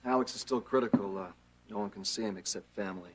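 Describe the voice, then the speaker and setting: A man's voice: fairly low pitch, fast, husky. An actor playing a defensive, clipped businessman in an 1980s TV soap. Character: businessman called Ryan, defensive and curt.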